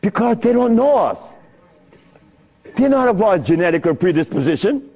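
A man telling stories in an animated talk, chuckling often and speaking with preacher-like emphasis. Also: sits high, moderate pace, vocal fry, long reverb tail. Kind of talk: animated storytelling lecture. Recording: dull lo-fi recording.

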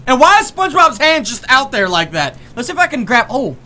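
A young man, a gaming YouTuber, commentates a horror game let's play in a very high, brisk voice. Excitable and jumpy, he rambles through self-corrected asides and yelps when something startles him.

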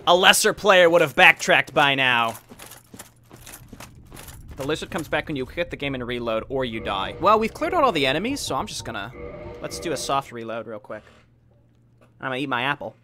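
A man hosting a let's play, chatting wryly as he plays with sudden excited yelps. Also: mid-range voice, moderate pace, long pauses, slight background noise. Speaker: gaming video host.

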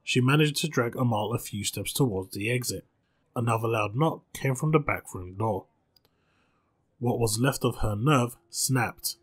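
A man narrates a spooky short story in a calm, measured way. His voice sits at an ordinary pitch with a husky texture. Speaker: storyteller and channel host.

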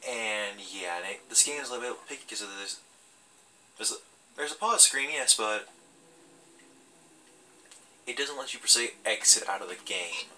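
Man, let's play host, casual commentary, wry jokes, piercingly bright tone, faint background hiss. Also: mid-range voice, poor audio. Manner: chatty, wry, jokey asides.

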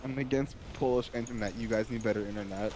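A man's voice: mid-range voice, fairly even intonation, quick pace, darkish tone. Dry-joking man on a faintly hissy voice chat. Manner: dry, teasing jokes. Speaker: co-player in voice chat. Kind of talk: casual gaming chat.

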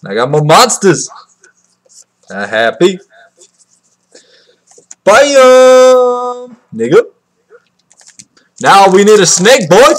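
A man with a high voice, unboxing on his own and reacting out loud. He jumps from yelps to low mutters, unhurried between outbursts, and mocks himself crudely. The sound comes through a cheap computer mic. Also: sing-song. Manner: crude, joking self-mockery. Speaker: card unboxing vlogger. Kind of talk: excitable unboxing commentary. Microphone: cheap computer mic that cuts out.

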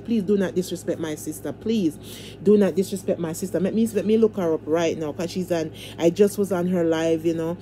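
A woman talks straight to her livestream viewers in a fervent, preacher-like voice and keeps circling back to the same pleas. Her tone is mellow and rather dark, and a faint noise sits under her voice. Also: fairly low pitch. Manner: fervent, repetitive, preacher-like pleading. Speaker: livestream host. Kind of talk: casual livestream chat.

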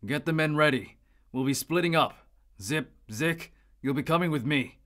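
A man voicing a scheming male commander in an audio drama, giving orders briskly. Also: a little high, fairly bright tone, lightly acted. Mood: commanding.

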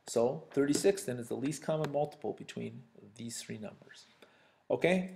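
A man's voice: medium pitch, normal speed, vocal fry, warm tone. A man teaching a recorded sixth-grade math lesson, talking straight to his students in a chatty, joking way. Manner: chatty, addresses students directly, jokes.

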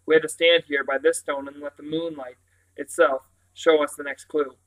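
A man's voice: on the high side, level tone, normal speed, fairly bright tone, lightly acted, low-quality recording. Man reading as a frightened young girl. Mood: doubtful. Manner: read aloud, words hesitant and fearful.

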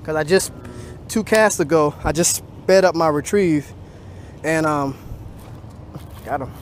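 A man's voice: a little high, unhurried, slight background noise. A man fishing outdoors at dusk, chatting casually to viewers between casts. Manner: talks to viewers between casts, swears when he loses a fish. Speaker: fishing vlogger. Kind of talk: casual commentary while fishing.

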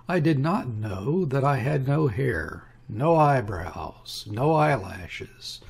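A man reading a classic sea story aloud as a first-person narrator, measured and expressive. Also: mid-range voice, vocal fry, husky. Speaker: audiobook reader.

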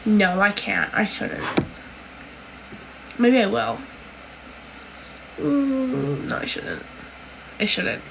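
A woman's voice: mid-range voice, wildly swooping pitch, extremely slow, creaky, long pauses, a little hiss or hum, low-quality recording. A woman from Canada hosting a casual livestream, reading viewer comments aloud and answering them in a chatty, giggly way full of "like"s and "um"s.

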